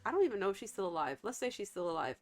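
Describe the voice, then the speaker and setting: A woman's voice: medium pitch, very animated, rapid-fire, faint music behind. A woman streaming a game, chatting casually and thinking aloud, often restarting her sentences. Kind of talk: casual gameplay commentary.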